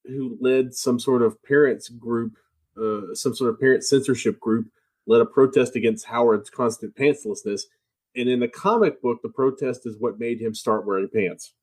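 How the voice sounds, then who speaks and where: A man's voice: medium pitch, a little mellow. Man with dry wry humor. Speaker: podcast co-host. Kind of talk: casual chat.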